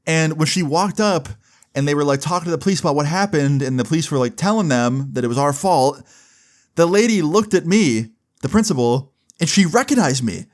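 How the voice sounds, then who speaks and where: A man's voice: on the high side, lively intonation, a little fast. Casual, swearing young man telling a story. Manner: casual, profane, lots of fillers. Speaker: vlogger. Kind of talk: storytime vlog.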